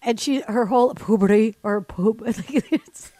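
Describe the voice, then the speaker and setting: A woman's voice: on the high side, a little slow, dark tone. A woman hosting a call-in radio show, teasing callers and laughing often. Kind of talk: lively call-in chat.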